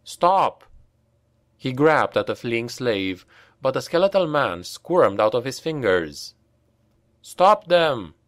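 A man narrating an audiobook in a measured, expressive way. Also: mid-range voice, no room sound, studio quality.

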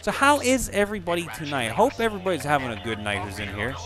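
A man giving profane, excitable live commentary while playing a video game and yelling at what happens on screen. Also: on the high side, quick pace, a crowd in the background. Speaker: gaming streamer.

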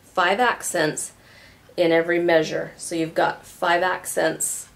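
A woman with a fairly low voice leads a violin lesson. She explains patiently and counts beats aloud as she goes. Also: little pitch movement, slow, gravelly. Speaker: violin teacher. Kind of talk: instructional tutorial.

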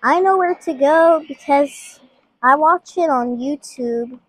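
A woman's voice: high voice, slow, dry recording. A woman giving casual, playful gameplay commentary, chatting to her viewers as she plays. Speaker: gaming channel host.

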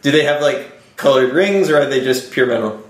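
A man's voice: mid-range voice, animated, fairly quick. A man playing a tabletop game, laying out his plans step by step. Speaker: player. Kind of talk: casual tabletop game talk. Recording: echoey room.

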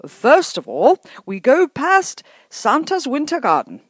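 A woman's voice: high-pitched, huge pitch swings, slow pace, dry recording, studio quality, voice pushed up, full character voice. A woman doing an eager, hopeful dad. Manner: eager, announcing. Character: cheerful, hopeful grown family father.

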